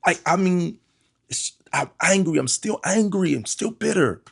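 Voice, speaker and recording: A man's voice: high voice, lively intonation, measured pace, gravelly, slightly rough. A middle-aged man, a pastor, earnestly telling a personal testimony, often repeating words and calling listeners "y'all".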